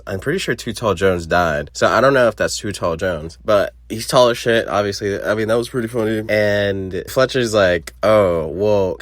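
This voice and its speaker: Low-voiced man ranting about a movie. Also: no room sound. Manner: profane, mocking, acts out quotes in funny voices. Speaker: podcast host. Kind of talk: casual movie review chat.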